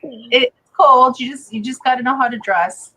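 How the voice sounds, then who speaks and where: A woman from Wisconsin co-hosting a casual fish-keeping livestream, chatty and quick to laugh, reading out viewer names. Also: a little high, fairly bright tone, rough recording. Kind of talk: casual chat.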